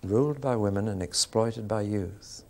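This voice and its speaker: A man's voice: fairly low pitch, moderate pace. Man preaching with dry humour. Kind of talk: sermon.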